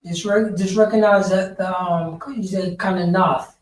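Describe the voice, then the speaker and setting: A man's voice: high-pitched, fairly even intonation, moderate pace. A man explaining Hebrew words in a loose, repetitive, slangy way during a Sabbath class. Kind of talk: casual Bible class explanation. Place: meeting hall. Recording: roomy echo, speaker far from mic.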